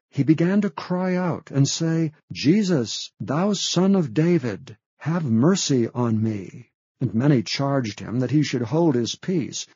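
A man reads scripture aloud at a very slow, measured pace, his voice dark and husky. The recording sounds dull and muffled, with a dry, close sound. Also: mid-range voice, no room sound. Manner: slow, measured reading of King James text. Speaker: scripture reader. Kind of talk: slow Bible reading aloud.

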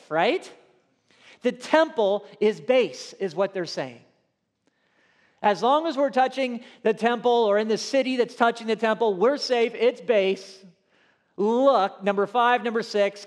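Animated high-voiced preacher man. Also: in a large hall. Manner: animated, swings from loud emphatic lines to soft asides. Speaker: pastor. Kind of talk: expository sermon.

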